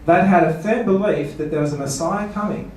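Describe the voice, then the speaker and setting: Man preaching a seminar talk in a big echoey hall, mic set well back, fairly high voice. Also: brisk, darkish tone, a little hiss or hum. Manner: rhetorical questions, playful mock quotes. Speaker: pastor. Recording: echoey room, voice from far off.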